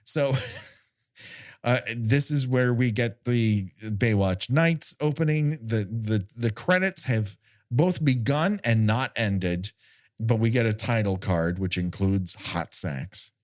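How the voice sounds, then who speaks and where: A man's voice: mid-range voice, takes it slowly. A man cohosting a podcast, making wry jokes and laughing often. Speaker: podcast co-host. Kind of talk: casual podcast chat.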